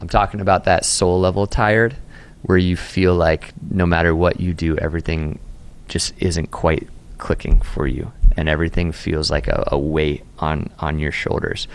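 A man's voice: sits low, flat delivery, normal speed, clear, resonant tone. A man who is a pastor, talking earnestly in a casual interview and often repeating words as he thinks aloud. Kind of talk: conversational podcast interview. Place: Austin, Texas.

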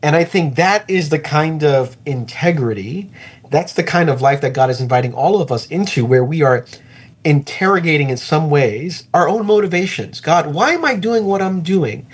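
A man's voice: a little high, lively intonation, husky. Earnest reflective male pastor. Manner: earnest, reflective, slows for emphasis. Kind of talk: reflective conversational interview.

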